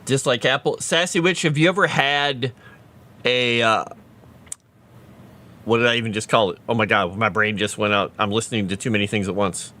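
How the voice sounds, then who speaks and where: A man's voice: medium pitch, moderate pace, pushed and bright. A man chatting casually on a livestream, rambling and answering viewers' chat. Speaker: streamer.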